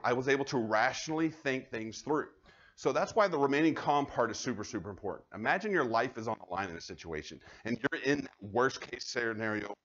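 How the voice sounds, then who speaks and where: A man, a police officer giving a live safety training talk, conversational and animated as he tells stories to the audience. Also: mid-range voice, highs cut off. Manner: conversational, animated storytelling, addresses the audience directly. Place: university room before an audience.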